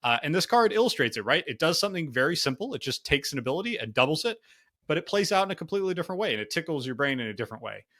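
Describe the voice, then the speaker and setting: A man's voice: a little high, big pitch swings, racing, bright, forceful tone. A man co-hosting a casual card game review podcast, thinking aloud with lots of fillers. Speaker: podcast co-host.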